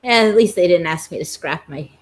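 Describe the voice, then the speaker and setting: A woman's voice: on the low side, expressive, a little fast, low-quality recording. A woman playing a wry, easygoing woman who lives simply in a camper. She talks casually and loosely. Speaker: tabletop game player. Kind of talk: in-character tabletop role-play.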